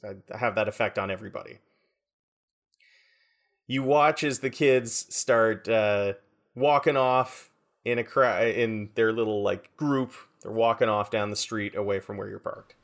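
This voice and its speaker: Lowish-voiced man narrating a tabletop game. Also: unhurried. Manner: relaxed, descriptive, with fillers. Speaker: game master.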